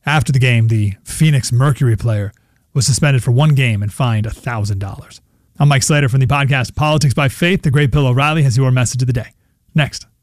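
A man anchoring a radio news segment, reading headlines in a brisk, conversational way with quick asides. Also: mid-range voice, dry recording, clean studio sound.

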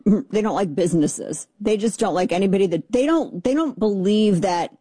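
A woman's voice: medium pitch, lively intonation, normal speed, warm tone, husky, no room sound. A middle-aged woman hosting a political radio talk show, chatty, opinionated and sarcastic. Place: radio studio.

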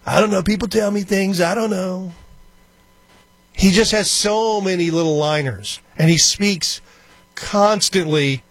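High-voiced opinionated radio host. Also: male voice, no echo. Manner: rambling, opinionated, quick asides. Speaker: radio talk show host. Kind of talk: casual talk radio monologue.

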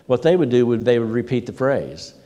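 A man's voice: mid-range voice, very animated, brisk, mellow. A man preaching a sermon as a pastor, telling stories with energy and repeating words for emphasis. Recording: long hall reverb.

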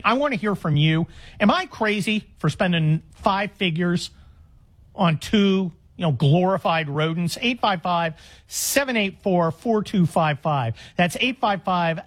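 A man in his sixties hosting a call-in radio show, talking in an animated, exasperated and rambling way with frequent restarts. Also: high voice. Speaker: radio talk show host. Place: Los Angeles area radio studio.

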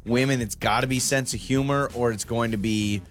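A man's voice: mid-range voice, a little fast, soft background music. A man co-hosting a radio show, joking around in casual banter and getting heated over stories. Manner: playful, gets animated and heated. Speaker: radio co-host.

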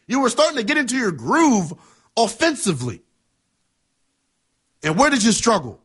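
Husky sports radio guy ranting about football, pretty high voice. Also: fairly bright tone. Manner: passionate, emphatic, conversational. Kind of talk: sports talk commentary.

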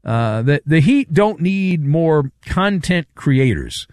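A man's voice: fairly high pitch, sing-song, takes it slowly, darkish tone, smooth, dry recording, clean studio sound. A man hosting a sports talk radio show, delivering a sarcastic, wisecracking monologue.

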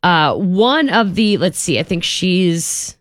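A woman co-hosting a radio show in casual chat, reading out quotes with animated delivery. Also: on the low side, slow pace, no room sound, studio quality. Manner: chatty, reads quotes aloud with animated delivery.

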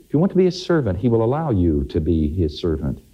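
A man's voice: low-pitched, sing-song, quick pace, breathy edge. A man preaching a sermon, emphatic, his voice climbing sharply on key points. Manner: emphatic, rising to exclamations. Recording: dull lo-fi sermon recording.

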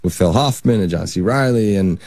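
A man, an actor guest in an interview, telling animated stories and laughing as he goes. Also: lowish voice, fairly quick, dry recording. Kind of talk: anecdotal interview storytelling.

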